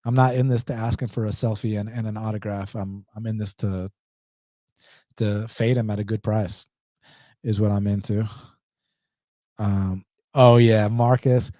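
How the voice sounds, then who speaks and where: Man, Atlanta accent, live stream host, blunt and slangy, mellow tone. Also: on the low side, flat delivery, a little slow, pauses often, no echo, clean studio sound.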